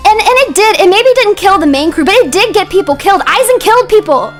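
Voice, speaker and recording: Very high-voiced woman ranting on stream. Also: expressive, quick pace, soft background music. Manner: heated, ranting, rising to shouts. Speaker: vtuber streamer. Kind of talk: casual stream rant.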